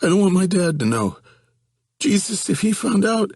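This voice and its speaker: A man voicing a scared young man who whines and pleads in a husky voice pushed high. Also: very animated, normal speed, darkish tone, no room sound, clean studio sound, full character voice. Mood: panicked. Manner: pleading, whining, voice cracking high.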